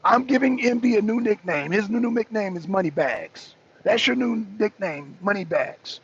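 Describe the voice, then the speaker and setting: An excitable male talk show host with a high voice and a gravelly, raspy grain. He argues heatedly and keeps pressing the same point. The sound is dull and lo-fi. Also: normal speed. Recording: dull lo-fi recording.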